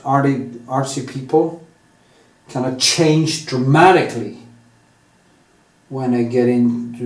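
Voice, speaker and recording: A man with a Norwegian accent thinking out loud as he paints, rambling candidly with many restarts and drawn-out stretches. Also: mid-range voice. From Norway. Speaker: artist. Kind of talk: casual monologue while painting. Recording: echoey room, mic set at a distance.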